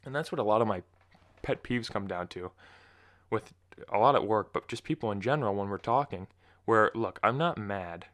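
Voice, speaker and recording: Young male podcast host, lower voice, loose solo rant full of restarts and annoyance. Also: animated, normal speed, fairly bright tone. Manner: rambling, exasperated ranting with restarts. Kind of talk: casual solo monologue.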